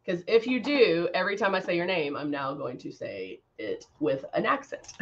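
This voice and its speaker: A woman's voice: on the low side, animated, normal speed, muffled recording, a little hiss or hum. A woman hosting a casual live-stream makeup chat. She rambles, laughs often and reads out viewer comments. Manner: laughs often, many fillers. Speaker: makeup brand host.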